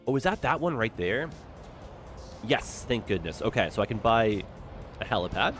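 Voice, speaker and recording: A man's voice: lowish voice, sing-song, normal speed, fairly bright tone, faint music behind. A man streaming a city-building game, chatting casually and reacting with dramatic exclamations. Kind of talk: casual gameplay commentary.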